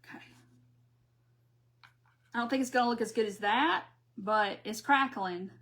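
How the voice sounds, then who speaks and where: A woman's voice: fairly high pitch, unhurried, fairly bright tone. A middle-aged woman from Mississippi with a Southern accent, chatting casually through a crafting live stream and reading viewer comments aloud.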